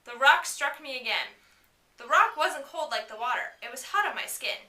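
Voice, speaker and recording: A woman's voice: sits high, expressive, normal speed, sharp tone, far from the mic. A woman reading a novel aloud in a casual way, breaking off for giggly, chatty asides, recorded in an echoey room away from the mic. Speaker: reader. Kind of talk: casual read-aloud with commentary.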